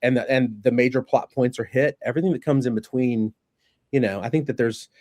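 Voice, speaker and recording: A man's voice: medium pitch, brisk, a little mellow, no echo, clean studio sound. A man hosting a casual podcast chat, an actor telling stories with lots of restarts. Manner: chatty, storytelling, many restarts.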